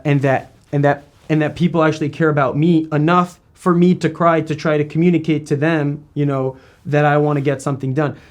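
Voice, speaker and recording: A man interviewing a guest in a casual talk, rambling and emphatic with many restarts. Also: fairly high pitch.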